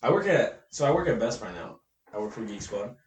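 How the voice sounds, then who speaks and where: A man's voice: medium pitch, sing-song, a little fast, far from the mic. A young man on a podcast, casually telling work stories with lots of swearing. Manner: swears freely, tells work stories in quoted voices. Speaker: podcast co-host. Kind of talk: casual chat. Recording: echoey room, off-mic, faint noise.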